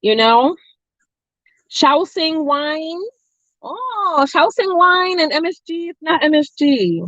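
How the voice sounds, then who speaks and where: A woman's voice: high-pitched, very animated, measured pace, fairly bright tone, no room sound, lo-fi sound. A woman hosting a mukbang livestream, chatting casually with viewers and telling stories between bites. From family from Nevis. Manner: chatty, storytelling, playful asides to chat. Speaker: mukbang host. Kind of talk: casual chat with live viewers.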